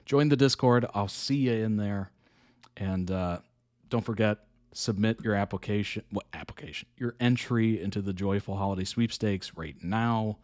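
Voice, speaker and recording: A man's voice: fairly low pitch, moderate pace, darkish tone, no echo, clean studio sound. A man hosting a reaction video in casual commentary, laughing often and speaking effusively and upbeat.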